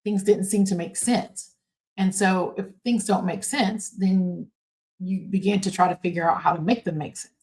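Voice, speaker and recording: A woman hosting a casual commentary podcast from home, talking in a halting way with many fillers and restarts. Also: medium pitch, fairly even intonation, a little mellow. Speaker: podcast host.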